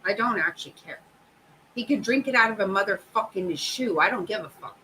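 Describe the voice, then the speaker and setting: A woman's voice: mid-range voice, animated, fairly quick, sharp tone, a little hiss or hum, low-quality recording. A middle-aged woman hosting a casual chat, profane and exasperated, laughing often. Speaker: host.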